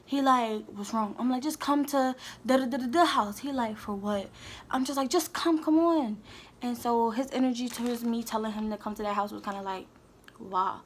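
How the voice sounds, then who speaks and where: A woman's voice: a little high, steady tone, moderate pace, slight background noise. A young woman telling a candid, heated storytime straight to her viewers. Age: young adult. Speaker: vlogger. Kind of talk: storytime vlog.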